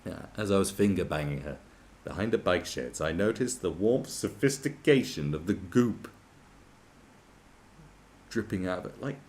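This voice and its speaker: A man's voice: sits low, animated, moderate pace, a little mellow. A man on a podcast, ranting crudely and sarcastically with many restarts and mocking asides. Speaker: podcast host. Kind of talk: crude comedic rant.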